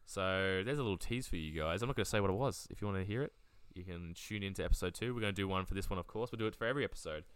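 A man's voice: sits low, racing, few pauses, clear, resonant tone, dry recording. A man co-hosting a podcast in casual chat, joking and laughing often. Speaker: podcast co-host.

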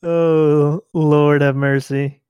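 Brief: male co-host, giggly and incredulous, halting delivery, dry sound. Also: on the high side, flat delivery, smooth, no echo, dull audio. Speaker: podcast co-host. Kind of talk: crude comedic podcast chat.

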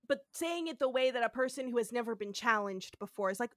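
A woman co-hosting a podcast in casual chat, recapping an episode with profane, animated retellings and acted-out quotes. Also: on the high side, quick pace, dry recording, clean studio sound. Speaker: podcast co-host.

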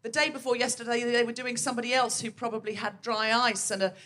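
A woman's voice: on the high side, steady tone, fast talker, a bit bright. A woman hosting a live comedy podcast on a theatre stage, bantering with the audience in a chatty, self-mocking way. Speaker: podcast host.

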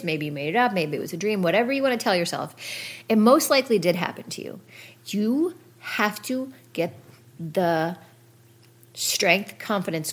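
Frank, conversational woman podcast host. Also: fairly low pitch. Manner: frank and conversational, addressing listeners directly. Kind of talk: candid personal podcast monologue.

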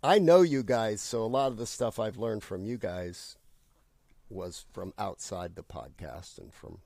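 A man co-hosts a casual podcast, joking and chuckling along. He speaks very slowly with a gravelly edge. His pitch rolls up and down a lot. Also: animated, darkish tone. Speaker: podcast co-host.

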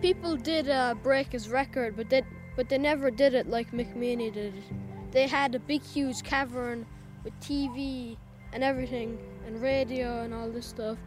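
A woman's voice: a little high, steady tone, moderate pace, music in the background. A woman interviewee speaking casually and emphatically. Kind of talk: casual talk.

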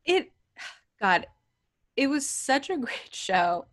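A woman co-hosts a podcast, taking her time as she spins anecdotes with animated emphasis. Her voice sits in the middle of the range and sounds dry and close to the mic. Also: high-pitched, dry recording. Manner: unhurried, animated anecdote-telling. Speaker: podcast co-host. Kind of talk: casual chat. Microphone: studio microphone.

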